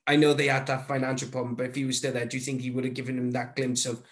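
A man's voice: medium pitch, level tone, rapid-fire. A man hosting a podcast, asking questions eagerly and laughing often. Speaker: podcast host. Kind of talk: casual podcast interview.

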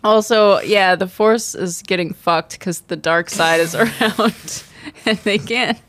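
A woman's voice: mid-range voice, slow pace, a bit bright, a little hiss or hum. A woman co-hosting a podcast in casual chat, sarcastic and profane, acting out characters' lines. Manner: profane, sarcastic, acts out quotes. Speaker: podcast co-host.

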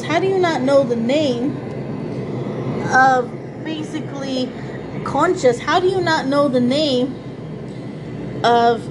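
A woman's voice: high voice, background noise. A woman from the American Southwest, hosting a casual monologue podcast, ranting heatedly and swearing freely. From Southwestern United States. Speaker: podcast host. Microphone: home voice recording.

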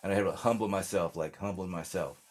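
Older american guy, kinda low voice, rambling stories w lots of "you know". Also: fast talker. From United States. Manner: rambling storyteller, many restarts and fillers. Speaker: singer-songwriter guest. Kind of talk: casual interview chat.

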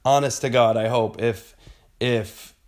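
A young man in a casual monologue, animated and rambling, with a lot of filler words. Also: medium pitch, a little slow. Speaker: vlogger.

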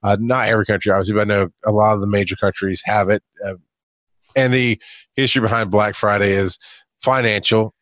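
A man's voice: on the low side, fairly bright tone, no room sound. A man hosting a podcast who introduces topics in a laid-back, casual way and swears now and then. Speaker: podcast host. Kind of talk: casual chat.

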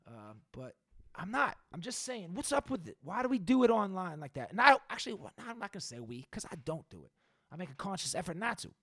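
This podcast and radio host is a young man who talks fast in a high, sing-song voice that's a bit bright and slightly rough. The studio-quality recording has no echo. With clogged ears leaving him unsure of his own volume, he launches into a rambling, slangy, profane casual monologue.

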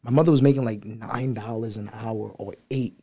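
A man's voice: medium pitch, moderate pace. A young man from Liberia, a singer and entrepreneur, telling his life story in a casual interview and acting out quotes in a raised voice. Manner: animated, acts out quotes in a raised voice, fills talk with "like" and "bro".

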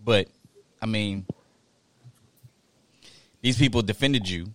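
Man co-host, halting opinions, dry close sound. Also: lowish voice, no room sound. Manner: halting, repeats words while thinking. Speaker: podcast co-host. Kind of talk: casual chat.

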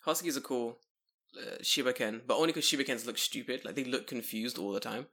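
A man co-hosting a casual podcast, swearing freely and telling stories with lively silly voices. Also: mid-range voice, brisk. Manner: swears a lot, animated storytelling with silly voices. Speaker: podcast co-host.

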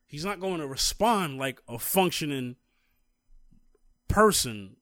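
A man's voice: fairly high pitch, expressive, slow pace, fairly bright tone, no echo, clean studio sound. A man co-hosting a casual talk, recounting a story at length and growing emphatic as he goes. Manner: storytelling, grows heated and emphatic. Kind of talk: casual conversation.

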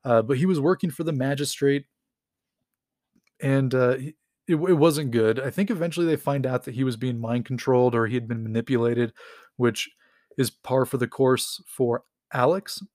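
A man's voice: mid-range voice, normal speed, darkish tone, dry recording. Dry-voiced man casually recapping a story. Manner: rambling, filler-heavy, enthusiastic storytelling. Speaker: comics recap host. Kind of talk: casual retelling.

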